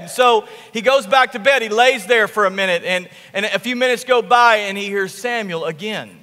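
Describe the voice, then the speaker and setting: A male pastor preaching a sermon, telling the story with animated, emphatic repetition. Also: high voice, brisk, few pauses, long reverb tail. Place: church sanctuary.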